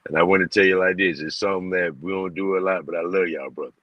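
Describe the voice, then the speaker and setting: A man with a Southern accent chatting as a guest, animated and quick to laugh, often repeating himself. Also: low-pitched, no room sound, lo-fi sound. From Alabama. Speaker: guest, hip-hop artist. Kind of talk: casual chat.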